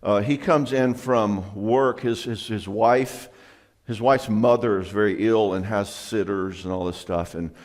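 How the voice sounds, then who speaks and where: A middle-aged man, a counselor, giving an earnest, conversational seminar talk and telling personal stories, often dropping his voice low for emphasis. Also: measured pace, darkish tone.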